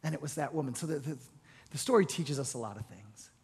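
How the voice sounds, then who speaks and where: A male pastor preaching a sermon, retelling a story in a conversational, animated way. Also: medium pitch, fast, husky, long reverb tail.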